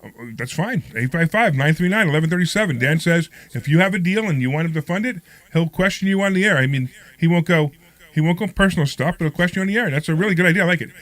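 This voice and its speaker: A man's voice: on the high side, lively intonation, quick pace, fairly bright tone, no echo, poor audio. A male talk radio host who has a cold, chatting energetically with co-hosts and reading out the phone number.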